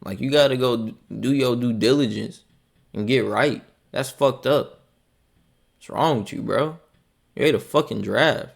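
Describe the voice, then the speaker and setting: A man with a gravelly, raspy edge to his voice, talking casually as he reacts to a video on a live stream. He swears constantly and sounds incredulous, jumping from loud outbursts to muttered asides. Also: medium pitch, normal speed.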